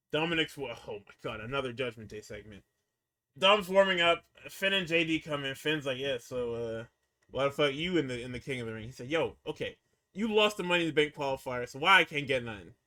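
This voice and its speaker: A man's voice: mid-range voice, expressive, normal speed, pushed and bright. A man co-hosting a podcast, recapping wrestling in casual, profane chat, acting out quotes and laughing often.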